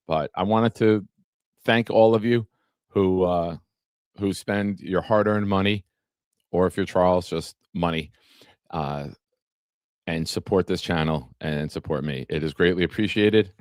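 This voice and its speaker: A man's voice: sits low, measured pace, pauses often, darkish tone, dry recording, clean studio sound. Chatty male sports stream host. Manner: chatty, talks to chat viewers by name. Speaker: podcast host. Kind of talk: casual live-stream sports talk.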